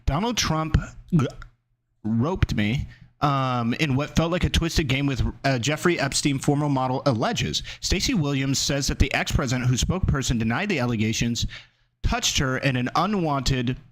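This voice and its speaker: A man's voice: mid-range voice, animated, normal speed, a bit bright. A male streamer in casual chat, riffing loosely and reading his chat aloud.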